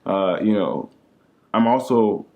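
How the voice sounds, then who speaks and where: A man's voice: fairly low pitch, big pitch swings, takes it slowly, vocal fry, mellow. A young man co-hosting a casual chat with his wife, laid-back and joking, often tagging his lines with "man". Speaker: co-host, husband.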